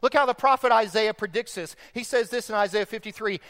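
High, bright-voiced preaching man. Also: in a large hall. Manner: emphatic preaching that swings between loud stressed phrases and quiet slow ones. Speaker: pastor. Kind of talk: sermon. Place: church sanctuary.

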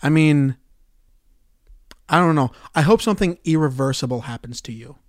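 A young man hosting a solo podcast, swearing and ranting sarcastically about his movie theater job, going from loud outbursts to quiet mutters. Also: on the high side, lively intonation, moderate pace, no echo, studio quality. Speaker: podcast host.

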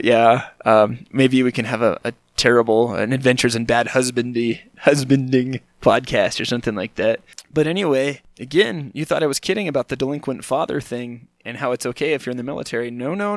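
A man's voice: medium pitch, no echo. A man in his thirties hosting a podcast, telling a comic story about himself in a playful, self-mocking way and acting out quotes in exaggerated voices. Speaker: podcast host.

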